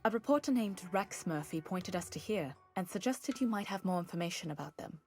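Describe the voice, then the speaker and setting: A woman's voice: fairly low pitch, lively intonation, a little fast, darkish tone, soft background music. A woman reading an investigator's lines in a board game, earnest and plain.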